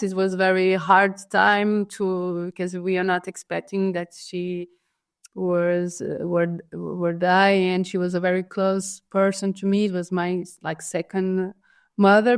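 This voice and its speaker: A Portuguese-accented woman, a guest artist whose first language is Portuguese, tells a personal story in an interview, pausing often, restarting and searching for English words. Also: mid-range voice, little pitch movement, clean tone. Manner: hesitant, many fillers and restarts, searching for words.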